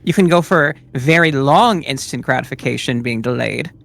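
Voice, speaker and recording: A man playing a tabletop game, with a bright, tense voice. He describes what his character does in a loose, offhand way. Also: medium pitch, moderate pace, gravelly. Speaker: player. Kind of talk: casual tabletop game chat.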